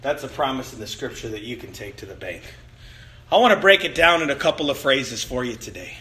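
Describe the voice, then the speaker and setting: A man's voice: mid-range voice, lively intonation, a little fast, bright, forceful tone, slight background noise. A man preaching a sermon, telling playful stories and acting out quotes with big jumps in his voice. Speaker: pastor.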